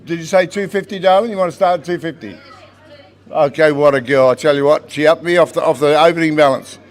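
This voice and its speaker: A man's voice: a little high, fast talker. A man with an Australian accent running a charity auction in a club hall, calling bids and joking with the crowd. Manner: jovial, teasing the crowd with "mate" and "darling". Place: large function hall in a club.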